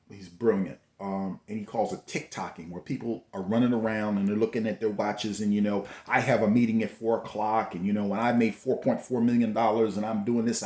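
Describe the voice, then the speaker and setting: Deep-ish man preaching in an echoey room. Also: dark tone. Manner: preachy, repetitive, rhetorical questions. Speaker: host. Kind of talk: motivational talk.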